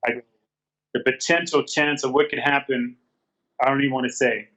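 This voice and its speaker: A man speaks as an interview guest, retelling a phone conversation line by line with quoted dialogue. His voice is bright and forceful, and it comes through a dull, lo-fi remote call from a garage. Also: mid-range voice, flat delivery, brisk. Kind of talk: casual storytelling interview.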